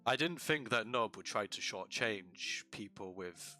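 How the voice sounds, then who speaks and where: A man voicing a stern town governor who speaks in a measured, firm way. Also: lowish voice, expressive, sharp tone, soft background music. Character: stern middle-aged male town governor.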